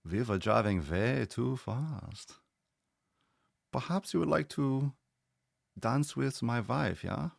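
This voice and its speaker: Man doing a German accent, flamboyant driver, exaggerated, drawn-out, breathy-soft. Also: mid-range voice, animated, no echo, studio quality, exaggerated voice. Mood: pleading. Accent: German, put on.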